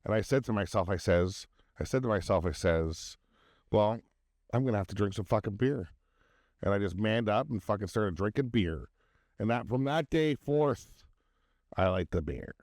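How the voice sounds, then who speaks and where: A man's voice: on the low side, lively intonation, normal speed, darkish tone, no echo, studio quality. A man in his thirties co-hosting a casual drinking podcast, telling profane, giggly stories. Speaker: podcast co-host.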